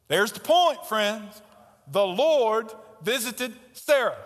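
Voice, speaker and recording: A man's voice: sits high, a bit bright, in a large hall. A man in his fifties, a pastor preaching an expository sermon, emphatic and repeating key phrases for stress.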